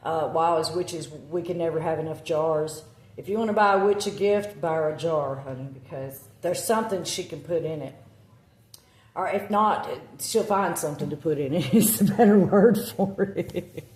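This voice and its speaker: A woman's voice: low-pitched, moderate pace. Rambling Southern woman in an echoey room. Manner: rambling, filler-heavy, self-correcting. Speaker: witch vlogger. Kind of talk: casual chat to camera. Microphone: phone camera.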